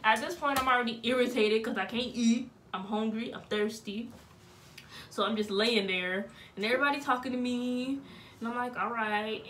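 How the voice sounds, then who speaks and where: A woman's voice: on the high side, normal speed, recorded from a distance, slight background noise. A young woman, telling a story casually as a vlogger and acting out the voices of the people in it. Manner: animated, acts out voices of relatives and nurses.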